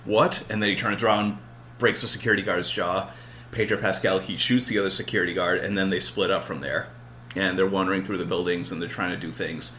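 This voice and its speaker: A man's voice: deep voice, fairly even intonation, fast talker, sharp tone, a little hiss or hum. A man hosting a podcast, retelling a long story in casual chat, rambling and full of filler words. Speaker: podcast host.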